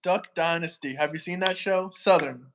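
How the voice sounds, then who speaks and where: Easygoing man from Florida, somewhat high voice. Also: fairly even intonation, brisk, a little hiss or hum. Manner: easygoing, hyping up the chat. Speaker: livestream host. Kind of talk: casual livestream chat.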